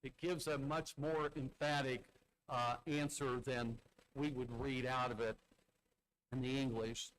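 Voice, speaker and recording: A church elder with a fairly bright, mid-range voice and little pitch movement preaches at a measured pace, conversationally asking the congregation rhetorical tag questions. He acts out the characters' quoted lines as he retells a Bible story, and the recording is rough.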